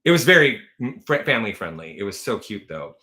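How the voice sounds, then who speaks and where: Chatty bright-voiced man on a livestream. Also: fairly low pitch, very animated, fairly quick. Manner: chatty rambling storyteller, frequent fillers and self-corrections. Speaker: livestream host. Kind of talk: casual livestream chat.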